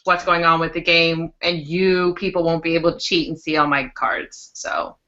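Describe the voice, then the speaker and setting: Female co-host, bright and playful, dull lo-fi call sound. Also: low-pitched, little pitch movement, normal speed. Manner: playful, teasing. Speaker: podcast co-host. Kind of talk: casual live-stream chat. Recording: muffled web call audio.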